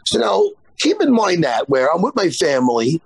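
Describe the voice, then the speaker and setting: A man's voice: on the high side, huge pitch swings, normal speed, breathy edge, no room sound. A man in his forties, a jiu-jitsu instructor, telling a story in casual podcast chat and swearing freely. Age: 40s.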